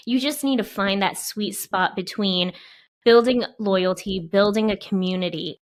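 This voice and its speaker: A woman co-hosting a podcast, talking fast with a stuffed-up nose in a casual chat. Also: lowish voice. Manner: fast-talking, laughs at herself. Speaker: podcast co-host.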